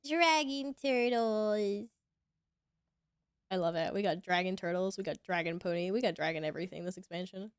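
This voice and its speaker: A woman's voice: medium pitch, normal speed, clean tone, no echo, studio quality. A young woman streaming a game, chatting casually with her viewers and swearing now and then. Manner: chatty, talking to chat while playing, swears casually. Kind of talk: casual gameplay commentary.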